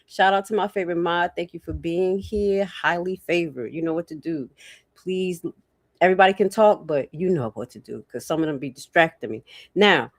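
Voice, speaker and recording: A woman hosting a livestream, chatting casually to her viewers and reacting out loud to interview clips. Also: on the low side, moderate pace, no room sound, studio quality. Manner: chatty, reacts loudly, talks to her chat. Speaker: livestream host.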